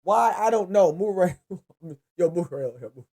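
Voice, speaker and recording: In an unhurried, high voice, a man runs through the games on his own sports picks show. His casual monologue is easygoing and unscripted, lively, rambling, and full of profanity.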